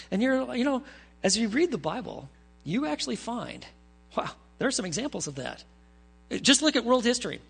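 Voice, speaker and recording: Husky, high-voiced male pastor preaching. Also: fairly quick, soft background music. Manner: animated storytelling, conversational asides to the congregation. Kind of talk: sermon.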